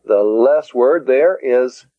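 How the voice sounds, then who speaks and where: A man teaching a taped language lesson, speaking deliberately and spelling words out syllable by syllable. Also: mid-range voice, no echo. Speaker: Greek teacher. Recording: dull lo-fi cassette tape.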